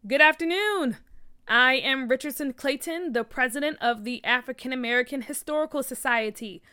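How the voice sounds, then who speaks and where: Woman reader playing a dignified society president laying down the law; formal, bright. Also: high voice, normal speed, smooth, no echo, clean studio sound. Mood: authoritative. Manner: formal, authoritative. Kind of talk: storybook read-aloud.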